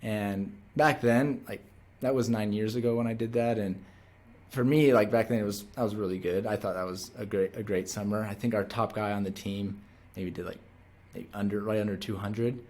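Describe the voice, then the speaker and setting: A man's voice: fairly low pitch, fairly even intonation, normal speed, a little mellow. A man in his thirties, a salesman, casually telling a story in an earnest, rambling way with many restarts. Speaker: door-to-door salesman.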